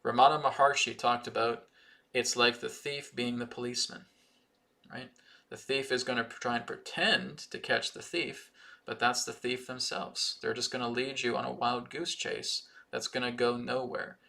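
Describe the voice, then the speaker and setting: A man's voice: mid-range voice, little pitch movement, moderate pace, gravelly, pushed and bright. A man hosting a live-stream spiritual teaching and Q&A, talking earnestly and often checking in with "right?" and "okay?". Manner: reads viewer comments aloud from the chat.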